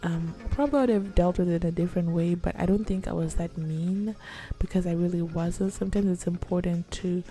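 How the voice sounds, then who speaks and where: A young woman vlogger telling a story in a casual, soft-spoken ASMR style, chatty and peppered with "like". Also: lowish voice, a little fast.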